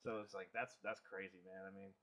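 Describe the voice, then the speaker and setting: A young man hosting a podcast in laid-back casual chat, often saying "dude" and breaking into loud laughing exclamations. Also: low voice, little pitch movement, fairly quick. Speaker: podcast host.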